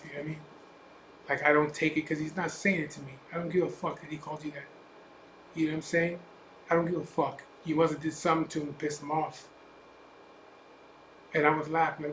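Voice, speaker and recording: A man's voice: on the high side, steady tone, brisk, pauses often, a bit bright. A man with a Chicano English accent ranting bluntly to camera as a biker vlogger, profane and defiant with repeated asides. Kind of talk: blunt unscripted rant to camera. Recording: echoey room, faint background hum.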